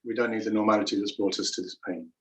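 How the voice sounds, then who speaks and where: Excitable man co-host, echoey kitchen. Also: on the low side, racing, far from the mic. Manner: enthusiastic, warm-hearted rambling. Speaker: cooking show co-host. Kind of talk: casual chat.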